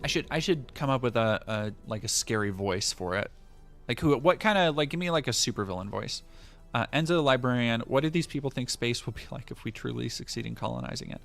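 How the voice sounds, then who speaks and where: A man streaming live commentary, ranting in an animated, sarcastic way. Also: medium pitch, quick pace, vocal fry, few pauses, soft background music.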